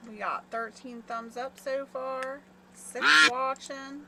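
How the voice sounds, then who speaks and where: A woman's voice: high-pitched, steady tone, takes it slowly. Chatty woman hosting a farm live stream. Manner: chatty storyteller, laughs often. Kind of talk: casual live-stream chat. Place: small farm. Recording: farm noise with ducks and geese.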